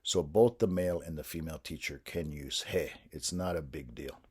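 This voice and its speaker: Low-voiced man explaining a language lesson. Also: a little mellow, husky. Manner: patient, measured, explanatory. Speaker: language teacher trainer. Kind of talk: instructional explanation.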